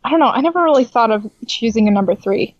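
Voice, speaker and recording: A woman's voice: fairly high pitch, lively intonation, fast talker, dry recording, muffled recording. A woman chatting casually as a guest, laughing often and trailing off with fillers. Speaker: podcast guest. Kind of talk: casual chat.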